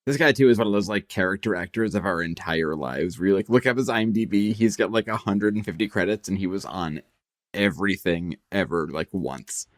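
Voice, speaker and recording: A man's voice: low-pitched, brisk, dry recording, studio quality. A man co-hosting a podcast, joining in casual, teasing banter. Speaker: podcast co-host. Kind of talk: casual chat.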